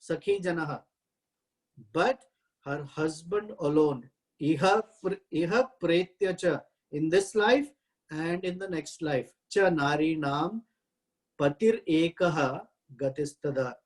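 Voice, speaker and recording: Slow, halting man teaching. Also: on the high side, low-quality recording. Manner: halting, frequent "uh" pauses while explaining; recites Sanskrit verses then translates. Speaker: scripture teacher. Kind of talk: verse-by-verse scripture class.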